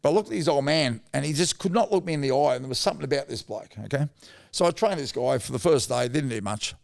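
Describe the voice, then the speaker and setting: Gravelly Australian man, emotional storyteller. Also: mid-range voice, lively intonation, quick pace, no echo, clean studio sound. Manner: rambling, fillers, emotional. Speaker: podcast guest, former rugby league player. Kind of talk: emotional storytelling in casual chat.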